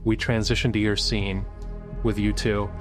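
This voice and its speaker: A man narrating as game master, describing scenes in a halting way with frequent fillers. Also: fairly low pitch, level tone, music in the background.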